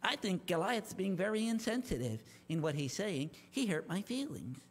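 A man's voice: sits high, big pitch swings, normal speed, a little hiss or hum, voice pushed down. A man preacher voicing a thin-skinned, complaining Israelite man who takes offense, in a reverberant hall. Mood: whiny.

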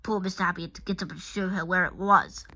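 A woman reading a children's picture book aloud, expressive and talking straight to the listener. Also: fairly low pitch, fast talker. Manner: expressive, addresses the listener directly. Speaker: storybook reader.

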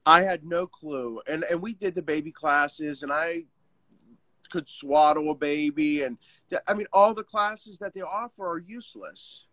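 Earnest, halting man telling his story. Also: on the high side, sharp tone, no room sound. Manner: halting, many restarts, earnest. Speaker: interview guest. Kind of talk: candid personal storytelling. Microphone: video call.

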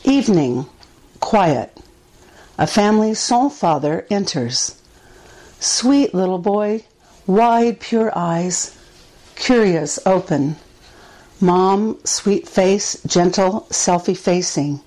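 A woman, a poet reading her own poems aloud in a slow, gentle way with pauses. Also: medium pitch, animated, rough recording.

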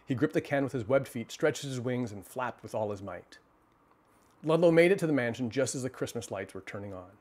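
A male host reading a children's storybook aloud with expressive timing, his voice sitting at an ordinary middle pitch. Between stories he chats casually with viewers, pausing and restarting as he thinks. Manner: expressive reading, then relaxed halting chat.

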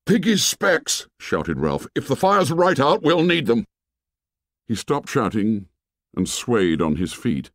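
A man narrating a novel as an audiobook, reading dramatically and sinking low and soft on grim lines. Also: no room sound, clean studio sound.

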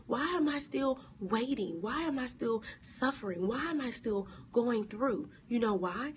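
A woman hosting a devotional livestream, preaching with emphatic repetition and reading viewers' comments aloud. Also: slight background noise. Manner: preachy, emphatic, repeats key words, big pitch swings. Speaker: blog host.

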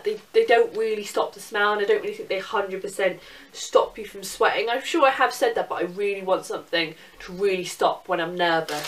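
A woman's voice: mid-range voice, distant mic, a little hiss or hum. An eighteen-year-old woman, chatting casually through a beauty haul and swearing freely. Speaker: beauty vlogger.

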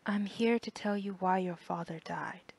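A woman voicing a gentle, patient elderly widow who speaks kindly and softly in an audiobook. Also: medium pitch, a little slow, vocal fry, background noise.

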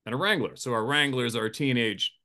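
A man who works as a hunting guide, telling a profane, animated campfire story, laughing often and acting out the quotes in a raised voice. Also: medium pitch, fairly quick. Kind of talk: casual storytelling. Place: campfire outdoors.

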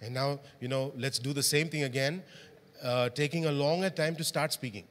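A man's voice: medium pitch, fairly even intonation, normal speed, fairly bright tone, slight background noise. A male pastor preaching a sermon, often asking the congregation questions. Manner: interactive, asks the congregation questions. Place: church hall. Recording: long hall reverb.

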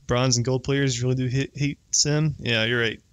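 A man streaming a shooter game, chatting casually with viewers and getting excitable as the match swings. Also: mid-range voice, moderate pace, a little hiss or hum. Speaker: gaming streamer. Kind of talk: gameplay commentary.

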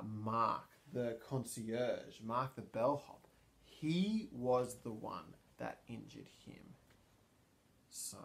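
A man's voice: mid-range voice, gravelly. A man narrating a solo tabletop game, thinking aloud with many ums and restarts. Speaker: storyteller and player.

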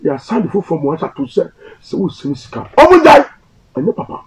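Casting note: fast-talking male pastor, high gravelly voice, lively delivery. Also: poor audio. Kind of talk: casual interview talk.

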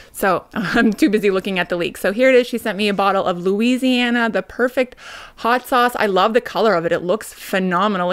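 A woman in her thirties from Canada, chatting through a home unboxing vlog, bubbly and quick to squeal and laugh. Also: mid-range voice. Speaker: vlogger. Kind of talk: unboxing vlog, casual chat.

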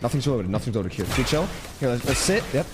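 A man's voice: very animated, quick pace. A young man streaming gameplay, brash and taunting, swearing constantly as he narrates his fights. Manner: brash, taunting, swears constantly, swings between loud and low. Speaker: gaming streamer. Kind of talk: trash-talking live gameplay commentary. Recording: noisy stream audio with gunfire.

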